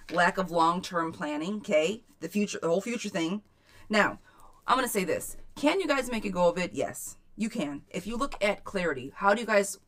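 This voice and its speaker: A woman giving a live tarot reading to viewers, chatty and frank, swearing casually and calling people sweetheart. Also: on the low side. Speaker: tarot reader.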